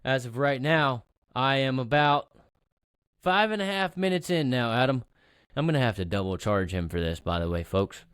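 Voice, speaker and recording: A man's voice: mid-range voice, lively intonation, moderate pace, fairly bright tone, smooth, no echo, clean studio sound. A man co-hosting a podcast, rambling and joking at his own expense. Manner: rambling, self-mocking filler talk. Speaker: podcast co-host. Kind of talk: casual podcast chat.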